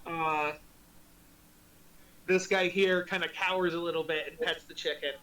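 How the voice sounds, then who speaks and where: A man running a tabletop game as dungeon master, narrating in a halting way. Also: on the high side, steady tone, bright, forceful tone. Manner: halting, laughs often. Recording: echoey room.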